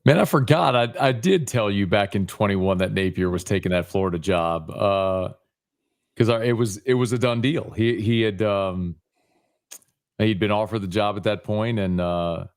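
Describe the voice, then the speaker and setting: Emphatic low-voiced sports reporter. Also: male voice, normal speed. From Louisiana. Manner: emphatic, calls host buddy and man. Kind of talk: casual sports talk.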